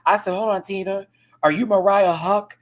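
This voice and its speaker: A man ranting casually as a reality show reviewer, animated, sassy and gossipy. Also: high voice, moderate pace.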